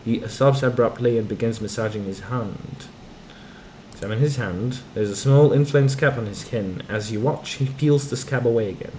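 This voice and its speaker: A man's voice: mid-range voice, moderate pace, darkish tone, a little hiss or hum. A man casually commenting on a game he is playing, reading its text aloud with muttered asides. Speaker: game streamer. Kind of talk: casual let's-play commentary. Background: game music.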